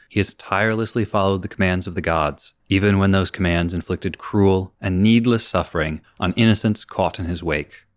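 A man's voice: on the low side, dry recording. A man co-hosting a podcast, presenting a prepared segment with wry, self-deprecating asides. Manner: wry, self-deprecating, scripted-sounding delivery. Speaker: podcast co-host. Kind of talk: casual chat and prepared segment.

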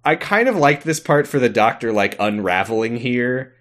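A man's voice: medium pitch, lively intonation, moderate pace, a bit bright. A man co-hosting a podcast, casually recapping an episode and acting out the characters' lines. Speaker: podcast co-host.

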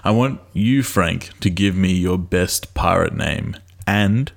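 A man's voice: sits low, takes it slowly, vocal fry. A young Australian man from Canberra co-hosting a casual podcast, easygoing and a bit hesitant. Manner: easygoing, hesitant with many uhs. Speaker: podcast co-host. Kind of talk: casual chat.

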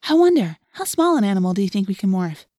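A woman voicing a gentle, thoughtful teenage girl in a storybook. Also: medium pitch, sing-song, fast talker, dry recording, clean studio sound.

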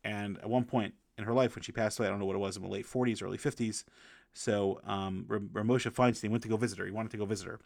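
A man reviewing a book by telling stories in a casual, halting way, with many restarts and fillers, lingering reverently on sayings. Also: lowish voice, fairly even intonation, gravelly, darkish tone, no room sound, clean studio sound.

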